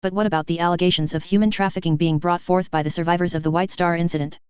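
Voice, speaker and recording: An insistent reporter firing questions, read by a woman narrator. The voice is very clear and a little low. The sound is dry and slightly muffled. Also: steady tone, fast talker, no echo, natural voice. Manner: probing, insistent. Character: pushy press reporter questioning officials.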